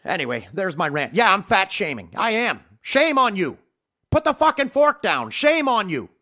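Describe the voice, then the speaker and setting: A man's voice: sits high, sing-song, normal speed, sharp tone. A man hosting a podcast, delivering a heated, profane rant. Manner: profane, heated, emphatic ranting. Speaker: podcast host. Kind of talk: ranting podcast monologue. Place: home podcast studio.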